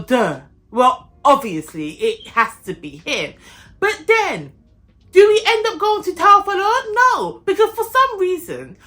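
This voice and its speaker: A young woman chatting in a casual book vlog, animated, opinionated and playfully dramatic. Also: on the high side. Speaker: book vlogger. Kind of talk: casual reading-update vlog.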